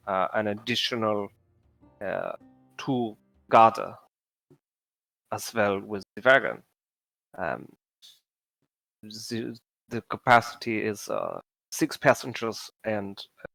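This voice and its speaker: A man voicing a fussy male wagon master with a German accent, halting and full of ums, in a tabletop game. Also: lowish voice, bright, forceful tone, no echo, exaggerated voice, poor audio. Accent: German put-on accent. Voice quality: halting, many ums and uhs.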